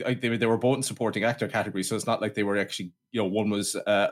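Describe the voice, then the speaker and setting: A man's voice: fairly low pitch, rapid-fire, few pauses. A man co-hosting a film podcast in casual chat, blunt, sweary and sardonic. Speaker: podcast co-host.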